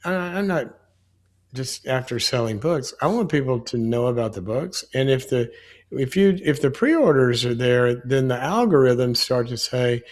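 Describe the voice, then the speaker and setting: A middle-aged man, a psychologist and author, speaking as a guest in a livestream interview over a video call, relaxed and jokey. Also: mid-range voice, normal speed.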